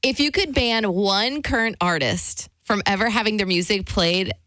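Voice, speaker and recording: A woman's voice: mid-range voice, expressive, normal speed, bright, forceful tone, dry recording. A woman co-hosting in a radio studio, putting playful questions to a guest in casual chat. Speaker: radio co-host asking questions.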